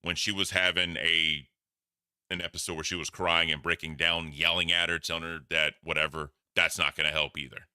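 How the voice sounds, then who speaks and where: Deep-voiced blunt male stream host. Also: flat delivery, a little fast, sharp tone, clear, resonant tone, dry recording, clean studio sound. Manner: blunt, rambling, profane. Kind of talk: casual commentary on stream clips.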